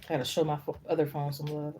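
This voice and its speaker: A woman's voice: deep voice, completely flat delivery, quick pace, heavy background noise. A young woman hosting a tarot live stream, chatting casually and rambling through stories with lots of fillers.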